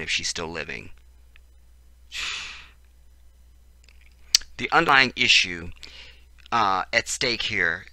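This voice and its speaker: A man reading out news commentary and reacting to it, animated and profane, swinging between low mutters and loud outbursts. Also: no room sound.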